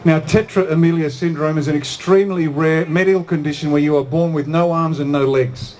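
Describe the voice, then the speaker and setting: A man's voice: fairly high pitch, steady tone, fairly quick, a little mellow. A man giving a live motivational talk at an event, speaking emphatically and repeating key phrases for impact. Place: outdoor event on a hot day.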